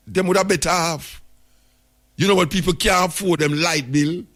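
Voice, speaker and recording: A man's voice: fairly high pitch, a bit bright. Jamaican man in a radio monologue. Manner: storytelling in Jamaican patois, emphatic. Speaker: radio host.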